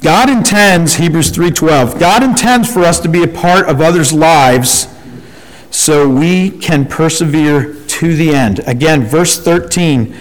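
A man preaching a sermon and reading scripture aloud, animated and acting out the voices of people in the story. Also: on the high side, a little slow. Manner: animated, acts out quoted voices. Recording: long hall reverb.

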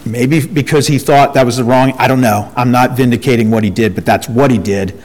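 Animated preacher in a reverberant hall. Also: male voice, medium pitch, fairly quick. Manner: animated, acts out quoted voices. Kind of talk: sermon with scripture reading.

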